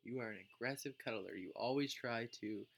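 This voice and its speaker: A man's voice: medium pitch, a little fast, creaky. A man quoting an exasperated, accusing wife. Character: annoyed wife complaining about her husband.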